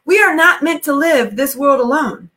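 A woman's voice: high voice, animated, moderate pace, sharp tone. A woman hosting a podcast interview, talking with enthusiasm and rambling through many restarts. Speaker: podcast host. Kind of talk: casual interview chat.

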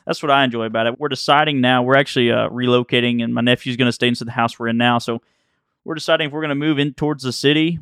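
A man's voice: mid-range voice, fairly bright tone, smooth, no echo, studio quality. A young man, co-hosting a podcast in casual chat and telling rambling stories with frequent laughs. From Alabama, US. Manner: rambling storyteller, laughs often. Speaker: podcast co-host.

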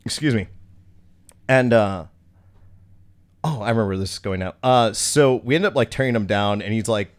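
A man's voice: lowish voice, moderate pace, long pauses. A young man hosting a podcast, casually telling a long story with lots of swearing and acted-out quotes. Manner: profane, animated storyteller acting out quotes. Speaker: podcast host.

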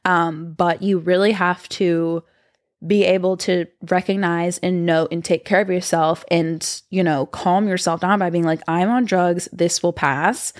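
A woman's voice: lowish voice, little pitch movement, unhurried, dry recording, clean studio sound. Chatty young woman podcast host. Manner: chatty, heavy use of "like". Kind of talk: casual storytelling.

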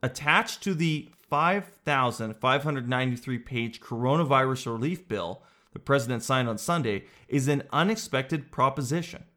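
A male comedian talks alone on his podcast in a casual, rambling way. He jokes freely, swears now and then, and wanders from one bit to the next with animated asides. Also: medium pitch. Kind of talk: casual solo podcast chat.

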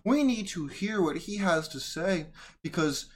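A man's voice: high-pitched, lively intonation, unhurried, a little hiss or hum. A man from the United States giving solo political commentary as a podcast host, sarcastic and arguing back at the clips he plays.

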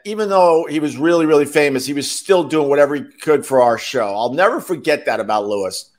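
A man's voice: medium pitch, a bit bright. Rambling New man telling stories. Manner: rambling, laughs between phrases, self-interrupting. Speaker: podcast host. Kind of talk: casual storytelling monologue. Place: outdoors near a beach with waves and birds.

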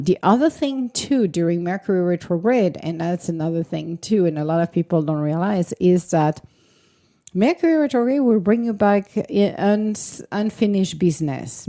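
A woman's voice: lowish voice, warm tone. A woman speaking casually and earnestly, laughing often and acting out little quoted exchanges as she gives advice. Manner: earnest advice with repeated emphasis. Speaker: astrology speaker. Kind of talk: casual spoken explanation.

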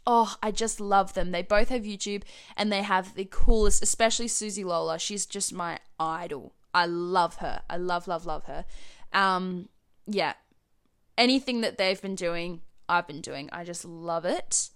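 A young adult Australian vlogger chats to her viewers on camera in a rambling, giggly way, saying "like" constantly. Her voice is lowish, smooth, and fairly bright, and she talks a little slowly.

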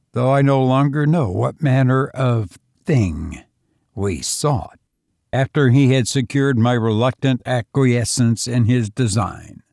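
A man narrating a gothic horror tale in a slow, grave, measured reading. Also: mid-range voice, darkish tone, no room sound, studio quality.

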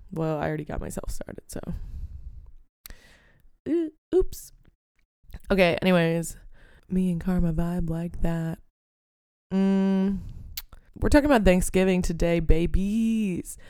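A young woman hosts her own podcast, talking in a loose, rambling rant full of swearing and fillers. Her voice is smooth and resonant, with a gravelly fry underneath. It is recorded dry and close, with no room sound. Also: on the low side, a little mellow, no room sound. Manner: ranting, profane, rambling with many fillers. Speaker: podcast host. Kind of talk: casual solo podcast chat.

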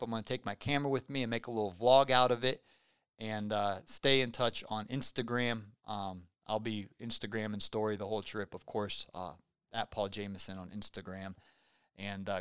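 A young man hosting a podcast, chatting casually and rambling excitably with lots of fillers and self-deprecating jokes. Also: fairly low pitch, clean tone, no room sound, clean studio sound. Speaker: podcast host. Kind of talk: casual podcast sign-off chat.

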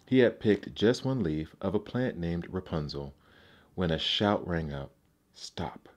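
A man narrating classic fairy tales aloud in a measured, gentle storybook manner. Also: deep voice, animated.

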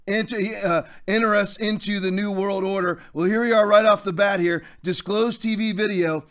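A man's voice: high voice, steady tone, normal speed, hardly any pauses, a bit bright. A man hosting his own podcast, delivering an emphatic political commentary monologue in a preachy tone, with Bible verses read aloud. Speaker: podcast host.

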